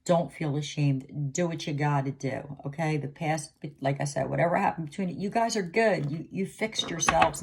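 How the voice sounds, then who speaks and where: A woman's voice: low voice, normal speed, vocal fry, hardly any pauses, darkish tone, slightly rough. A middle-aged woman giving an emotional intuitive reading to camera, pleading and repeating herself. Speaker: psychic reader.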